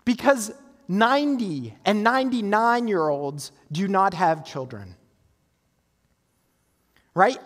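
Male pastor, sermon, high voice, conversational, asks for agreement, long reverb.

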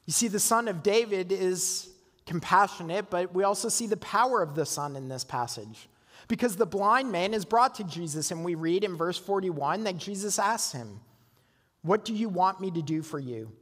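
High-voiced preacher in echoing sanctuary. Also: male voice, expressive, normal speed, a bit bright. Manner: earnest preaching with rhetorical questions. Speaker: pastor. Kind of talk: sermon.

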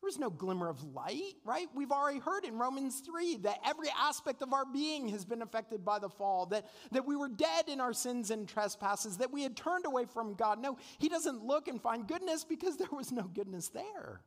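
A man's voice: extremely high pitch, sing-song, moderate pace, few pauses, long reverb tail. A man preaching a sermon as pastor, earnest and conversational, asking the congregation rhetorical questions.

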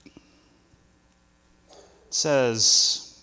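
A man preaching a sermon to students, earnest, with loud stresses and soft asides. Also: on the high side, animated, a little slow, in a large hall.

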